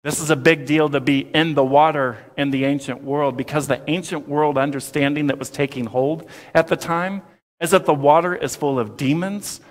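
A man in his forties preaching a sermon as pastor, with playful asides and animated storytelling. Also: fairly high pitch, normal speed. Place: church sanctuary. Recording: long church reverb.

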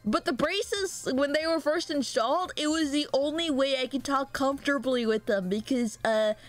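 A woman's voice: high-pitched, moderate pace, faint music behind. A young woman streamer chatting casually and giggling with her viewers. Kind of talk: casual livestream chat.

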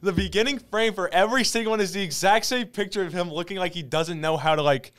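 Young male co-host, slightly higher smooth voice, dry sarcastic delivery. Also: quick pace, a bit bright. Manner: wry, sarcastic asides. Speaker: podcast co-host. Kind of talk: casual chat.

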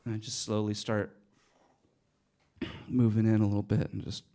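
A man telling stand-up stories on a small cafe stage, animated and swearing freely as he acts out each scene. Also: fairly low pitch, normal speed. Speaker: stand-up comedian. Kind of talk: stand-up storytelling.

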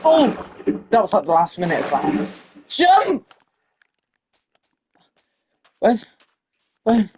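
A woman giving casual, excitable commentary while playing a game and talking to the animals in it. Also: medium pitch, slow pace, pauses often, background noise. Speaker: gaming video creator.

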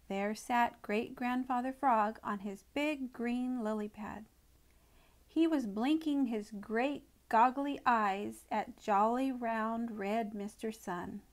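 A woman gently reading a children's storybook aloud in an expressive, unhurried way. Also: on the high side. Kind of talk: storybook read-aloud narration.

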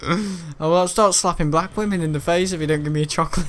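A man's voice: a little high, fairly even intonation, fast talker, a bit bright, slight background noise. A man giving casual, rambling gameplay commentary, joking and laughing often. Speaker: gaming channel host.

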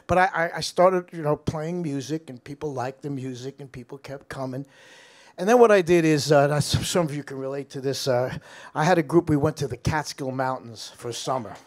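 An older American man telling stories from his music career in a casual interview, animated, laughing, with frequent restarts. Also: on the high side, fairly quick.

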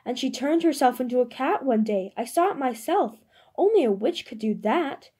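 Nosy neighbor woman, read by a woman; high, loud, gossipy storybook accuser. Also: unhurried, breathy edge. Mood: accusing. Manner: eager, accusing, raised voice.

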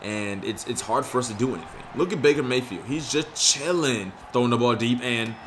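Brisk and casual, a young YouTuber talks through his own video game in slangy commentary, his mid-pitched voice sitting over faint background noise. Big plays get him excited, while bad moments frustrate him.

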